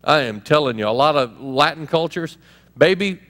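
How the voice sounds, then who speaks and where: Male pastor, animated and chatty, preaching in a reverberant church hall. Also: a little high, moderate pace, faint music behind. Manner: animated, conversational preaching with laughs and asides. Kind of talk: sermon.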